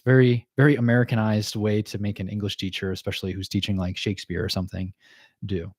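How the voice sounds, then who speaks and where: A man's voice: lowish voice, flat delivery, a little mellow, husky, dry recording, studio quality. A man hosting a casual livestream chat, recapping cartoon episodes in a loose, chatty way with frequent laughs and fillers. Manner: chatty, laughs often, many fillers and quick asides. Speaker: podcast host.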